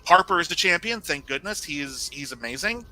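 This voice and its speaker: A man arguing his case in a casual podcast debate, talking fast and animated, sometimes over others. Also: on the high side, low-quality recording.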